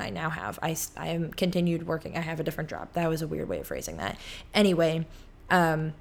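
A young woman in her twenties hosting a casual solo podcast from her apartment, rambling and chatty, often cutting herself off. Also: on the low side. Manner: rambling, chatty, self-interrupting with many likes. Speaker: podcast host. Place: apartment room.

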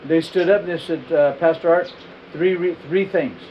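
A middle-aged male pastor preaching through a personal story, his voice sitting a little high for a man. He talks with animated energy, stumbling and restarting phrases as he goes, with a faint hum of room ambience behind him. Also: moderate pace, highs cut off. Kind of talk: storytelling sermon.

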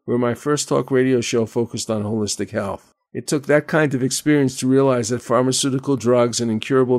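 An older male radio host reads a personal story in a measured, earnest way. His voice sits at an ordinary middle pitch. He introduces his guest with steady care. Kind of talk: scripted radio narration.

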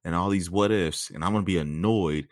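Super deep voiced guy on a podcast, blunt, dry close sound. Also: a little fast, dry recording. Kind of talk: casual chat.

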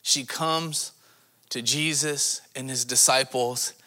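A man preaching a sermon as a missions pastor to a congregation, asking them rhetorical questions and swinging his voice dramatically in pitch and loudness. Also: a little slow, long pauses. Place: church service before a congregation.

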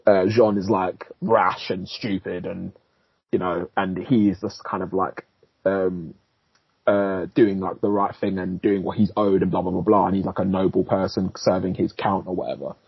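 A man talks through films in a relaxed podcast chat, his low voice slightly husky. He fills his speech with likes and ums and agrees often. The recording is dull and lo-fi, with a dry, close sound. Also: moderate pace, no echo. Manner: loose, filler-heavy, reacts with short agreements. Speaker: film podcast co-host. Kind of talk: casual film review chat.

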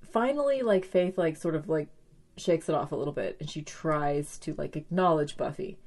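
A woman chatting casually as she recaps a TV episode, animated, with lots of "like" and some swearing. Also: low-pitched, moderate pace.

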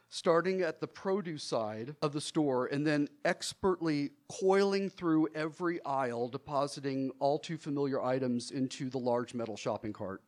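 A middle-aged man telling a personal story from his childhood on stage, theatrical and animated, often laughing as he speaks. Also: on the high side.

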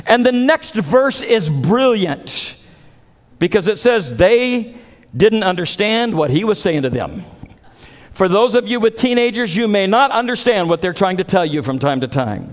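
A man's voice: high-pitched, sing-song, a little slow. A man pastor preaching a dramatic sermon, acting out the voices of biblical figures. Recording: long hall reverb.

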